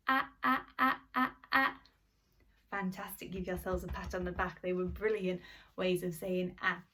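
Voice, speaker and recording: A woman teaches phonics to young children, coaxing sounds in a bright, sing-song, encouraging way. Her voice sits in a middle pitch and comes from a little way off the microphone, with gasps of pretend surprise as part of her teaching manner. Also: far from the mic. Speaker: primary school teacher.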